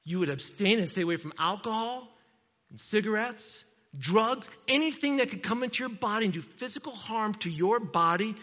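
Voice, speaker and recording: A man's voice: sits high, lively intonation, normal speed, sharp tone. A middle-aged man preaching a sermon as a pastor, telling stories animatedly, acting out voices and asking rhetorical questions. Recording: dull sound with long hall reverb.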